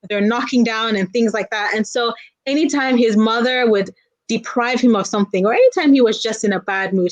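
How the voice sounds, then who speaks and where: On a low-quality recording, a children's book author appearing as a guest tells a folktale aloud in a fairly high female voice. She keeps it playful, pulling the listener in through call-and-response.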